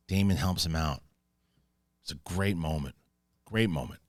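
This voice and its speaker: Low-voiced man recapping a show, profane. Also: no echo, studio quality. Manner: profane, acts out scenes in quick paraphrased quotes; rambling with restarts when moved. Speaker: film and TV reviewer. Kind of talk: casual spoiler review recap.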